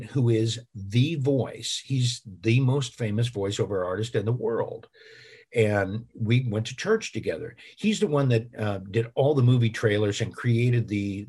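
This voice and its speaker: A man's voice: mid-range voice, a little mellow, slightly rough. A middle-aged man, an actor and voice actor, telling rambling, self-deprecating stories in a casual interview.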